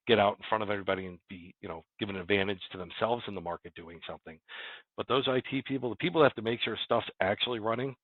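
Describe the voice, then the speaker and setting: The speaker is a man whose voice sits on the low side, a company president guesting in a casual interview. He rambles with many restarts, and the recording is a dry, phone-like remote call.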